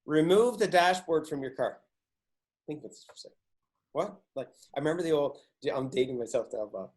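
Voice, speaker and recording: Excitable swearing man hosting a podcast. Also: a little high, brisk. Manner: excitable, swears a lot, animated. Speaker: podcast host. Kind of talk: casual chat, storytelling.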